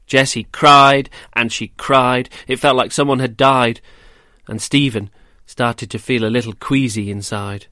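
A man reading a rhyming children's story aloud, gentle and measured, then quizzing children about it. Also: mid-range voice, steady tone, dry recording, studio quality. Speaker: storyteller and host.

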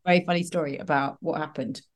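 A woman's voice: low-pitched, fairly even intonation, fast. A woman hosting a podcast in casual chat, eagerly prompting her guest to tell a story. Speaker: podcast host.

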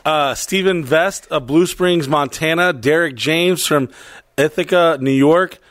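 A man's voice: fairly high pitch, a little slow, a bit bright, no echo. A man hosting a podcast, talking loosely and profanely and reading out listeners' names. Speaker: podcast host. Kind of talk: casual podcast chat.

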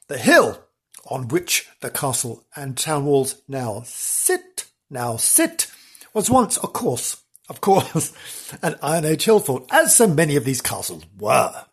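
A man hosting a podcast in a theatrical, giggly way, still husky after losing his voice. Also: on the high side. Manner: theatrical, giggly, swoops up on exclamations. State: recovering from lost voice. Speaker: podcast host. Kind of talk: camp chatty podcast hosting.

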